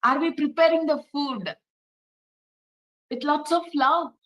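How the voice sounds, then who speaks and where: Woman, meditation teacher, slow, soft rhetorical questions. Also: high voice, highs cut off. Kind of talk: spiritual talk with guided meditation.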